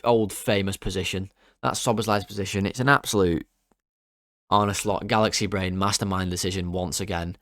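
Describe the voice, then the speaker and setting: A lower-voiced young man rants through player ratings, exasperated and swearing. His voice is smooth and resonant, recorded close and dry with no room sound. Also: a little fast, fairly bright tone, no room sound. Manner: exasperated, swearing, rambling with restarts. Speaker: football fan channel host. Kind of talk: frustrated player-ratings rant.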